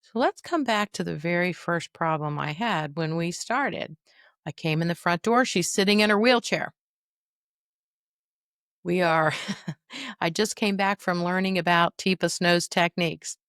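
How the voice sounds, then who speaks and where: A woman's voice: on the low side, unhurried, dry recording. Folksy woman coaching caregivers, dry close sound. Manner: lively, folksy, coaching the listener directly. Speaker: dementia caregiver and trainer. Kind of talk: podcast teaching monologue.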